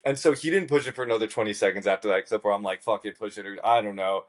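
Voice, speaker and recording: Animated, foul-mouthed man telling a story. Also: lowish voice, very fast. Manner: animated, swears freely, acts out quotes. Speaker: podcast guest, game show contestant. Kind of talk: casual storytelling.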